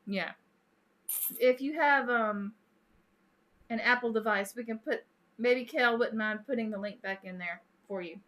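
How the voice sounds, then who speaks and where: A woman's voice: a little high, unhurried, pauses often, a bit bright. A woman hosting a casual live stream, chatting with viewers, greeting them by name and laughing often.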